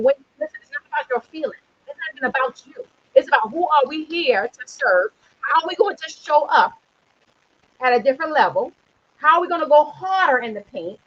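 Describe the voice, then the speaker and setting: A woman with a South Carolina accent, a retirement planning consultant giving a preachy, energetic motivational livestream talk and often checking in with "okay?". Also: sits high, husky, highs cut off. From Charleston area, South Carolina.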